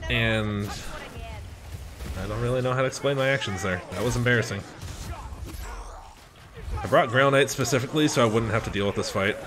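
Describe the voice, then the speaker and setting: A young man hosting a gaming channel, casually commenting on gameplay and telling a story, animated and swearing with lots of fillers. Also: medium pitch, normal speed, long pauses, crowd noise.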